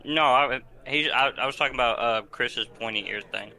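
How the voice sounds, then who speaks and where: A man at a tabletop game with a very bright, sharp voice, jumping in eagerly and tripping over his words, quick to laugh. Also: mid-range voice, creaky. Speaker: player.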